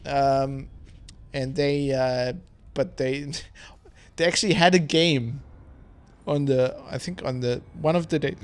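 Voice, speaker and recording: A man's voice: medium pitch, fairly even intonation, slow pace, clear, resonant tone. A man chatting casually on a live stream, tipsy and rambling, laughing often and swearing. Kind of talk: casual chat.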